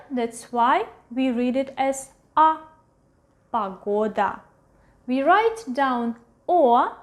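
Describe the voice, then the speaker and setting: Russian-accented woman tutor, unhurried and patient, a bit high-pitched. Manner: patient, repeats each word slowly three times. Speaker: language teacher. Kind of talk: pronunciation lesson.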